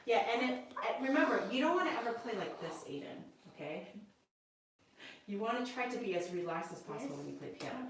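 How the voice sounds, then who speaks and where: A woman's voice: fairly high pitch, big pitch swings, fast, very echoey, recorded from a distance, rough recording. A woman piano teacher giving a one-on-one lesson, patiently explaining step by step and checking that her student understands. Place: indoor room with a piano.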